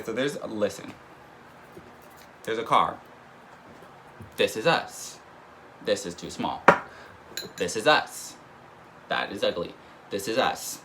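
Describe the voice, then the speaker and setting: A young man telling a casual story, animated and profane, often laughing as he goes. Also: lowish voice. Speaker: vlogger. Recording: noticeable background noise.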